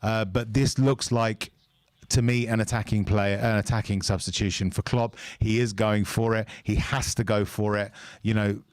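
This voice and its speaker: A man's voice: fairly low pitch, fairly even intonation, normal speed, a little mellow, no room sound. A man co-hosting a fan channel's live match watch-along, chatting and offering opinionated analysis into a close mic.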